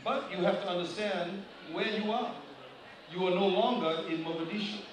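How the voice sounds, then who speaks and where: A man preaching a sermon, addressing the congregation directly with questions in an animated manner. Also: high-pitched, moderate pace, heavy reverb, background noise. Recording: distant mic, loud room ambience.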